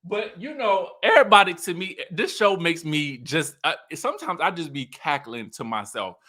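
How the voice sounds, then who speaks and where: Lively Southern male recap host; high, bright voice, acts out lines. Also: normal speed. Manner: animated storytelling, acts out cast members' lines; laughs often. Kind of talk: casual chat.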